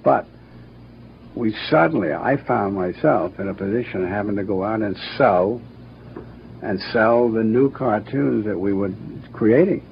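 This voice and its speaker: Older man with a gravelly voice reminiscing. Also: lowish voice. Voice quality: brisk, anecdotal, acts out quotes. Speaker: cartoon producer and director. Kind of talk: interview, reminiscing. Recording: dull archival recording with faint hiss.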